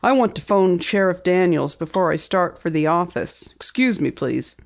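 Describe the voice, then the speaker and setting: A woman's voice: on the low side, lively intonation, normal speed, creaky. A woman reading an audiobook, voicing a genial, teasing middle-aged father. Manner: amused, teasing. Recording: dull lo-fi audiobook recording.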